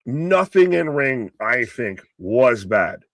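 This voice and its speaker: A man's voice: mid-range voice, big pitch swings, slow, dry recording. An American man co-hosting a live wrestling reaction stream, talking casually with jokes, loose comparisons and plenty of swearing. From United States. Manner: joking, profane, loose analogies. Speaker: co-host.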